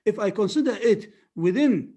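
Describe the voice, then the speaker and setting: High-voiced lecturer checking on students. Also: male voice, animated, normal speed, warm tone. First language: Arabic. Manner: repetitive, keeps checking that students follow. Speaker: phonetics lecturer. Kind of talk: classroom lecture.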